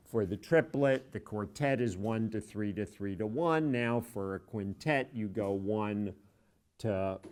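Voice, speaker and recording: Middle-aged guy teaching a college class, slow and careful, clean smooth voice, leans on key words. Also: deep voice, darkish tone. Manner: methodical, spells out each step. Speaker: university chemistry professor. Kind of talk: classroom lecture.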